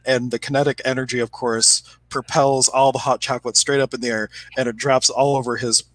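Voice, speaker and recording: A man's voice: mid-range voice, little pitch movement, brisk, no room sound, rough recording. A middle-aged man, a healer and co-host, telling stories in casual conversation, laughing often and acting out the voices of people he quotes. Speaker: energy healing practitioner and podcast co-host.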